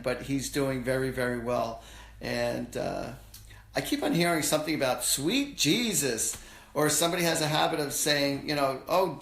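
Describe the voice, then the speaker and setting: A man hosting a live stream as a psychic medium, talking casually and haltingly while he passes on messages in slangy quoted phrases. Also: on the high side, echoey room. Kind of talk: live-stream readings for callers.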